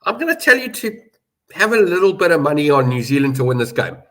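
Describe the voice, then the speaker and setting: On the high side and sing-song, a bit bright, he talks at a quick clip. He's a middle-aged rugby betting pundit from South Africa chatting casually, emphatic, story-loving and prone to repeating himself for stress.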